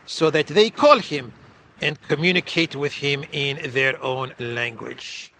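A man putting on a mock impression of a foreign leader, halting and dotted with "eh" fillers as he makes threats. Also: on the high side, pushed and bright, a little hiss or hum. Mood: threatening. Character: mock Ukrainian leader, male adult, blustering threats.

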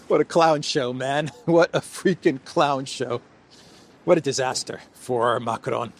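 A man's voice: mid-range voice, fairly even intonation, slow pace. A man giving mocking, rambling political commentary while walking through an indoor food court, recorded on a handheld phone. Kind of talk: casual walk-and-talk vlog.

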